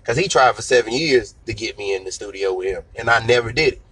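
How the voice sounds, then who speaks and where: A man's voice: on the low side, lively intonation, quick pace, fairly bright tone, slightly rough, no room sound, poor audio. Singer guy in his 30s chatting loose and slangy, keeps saying you know what i'm saying, dry close sound. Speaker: singer and guest. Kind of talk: casual conversational interview.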